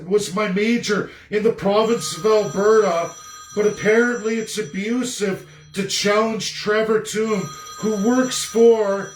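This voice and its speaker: Man from Canada, angry livestream rant, high voice, distant from the mic. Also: echoey room, a little hiss or hum. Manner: agitated, repetitive, emphatic. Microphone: phone or webcam on a livestream.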